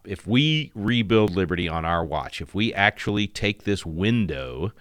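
Deep-voiced male radio host, rambling. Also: fairly bright tone, no echo, studio quality. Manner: rambling, frequent restarts and filler. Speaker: radio talk show host. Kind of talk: casual radio commentary.

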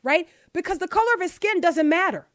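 A high-pitched woman hosts a talk show, delivering pointed opinion commentary. She drives her points home with rhetorical tag questions. Her voice sounds dry and close to the mic. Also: animated, a little fast, fairly bright tone, no room sound. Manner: emphatic, with many rhetorical "right?" tag questions.

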